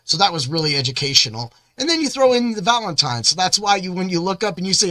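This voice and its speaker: Energetic bright-voiced male podcast host. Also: high voice, fast talker, few pauses, no room sound. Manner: energetic, rambling, boastful. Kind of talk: casual hype-filled monologue.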